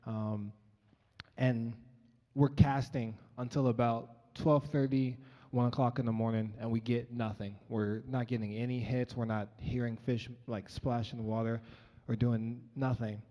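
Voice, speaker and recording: On stage in a large event hall, a young man from Colorado tells a personal story as the featured storyteller, using a stage microphone. His medium-pitched voice is level, measured and dark, earnest and conversational with frequent ums, on a dull, echoey live hall recording.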